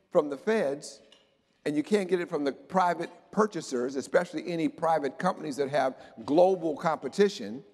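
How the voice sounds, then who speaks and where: A man giving an animated, joking conference talk about slides to a live audience. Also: medium pitch. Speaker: keynote speaker. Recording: long hall reverb.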